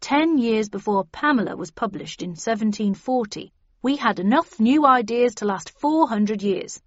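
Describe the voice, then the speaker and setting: A woman's voice: a little high, animated, moderate pace, no echo, lo-fi sound. A woman reading the part of a male official explaining a crisis at length, in an earnest, lecturing way, in an audiobook.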